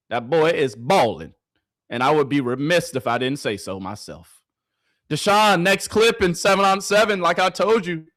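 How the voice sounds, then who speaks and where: A man's voice: on the high side, fairly bright tone, no echo, clean studio sound. A man giving hyped, slangy sports commentary over practice clips, repeating lines and talking straight to his viewers. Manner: hyped, repetitive, slangy delivery addressing viewers.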